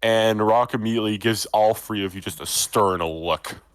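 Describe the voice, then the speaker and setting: A man narrating as game master of a tabletop role-playing game, relaxed and meandering with frequent ums. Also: lowish voice, moderate pace, clean tone, no echo.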